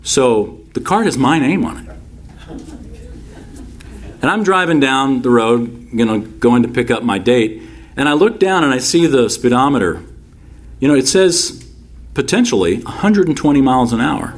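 A man's voice: medium pitch, sing-song, normal speed, pauses often. A man preaching a sermon as a pastor, stressing key phrases by repeating them and telling folksy personal stories with asides.

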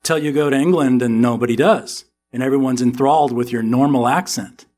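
A middle-aged American man preaching a sermon as pastor, with animated delivery that climbs into emphatic questions. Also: mid-range voice, a little fast.

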